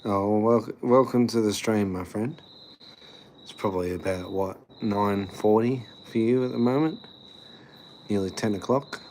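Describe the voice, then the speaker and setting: A man's voice: on the low side, a little slow, darkish tone, slight background noise. A tired young man, chatting casually on a live stream, rambling with lots of fillers as he reads and answers chat. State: tired after the gym.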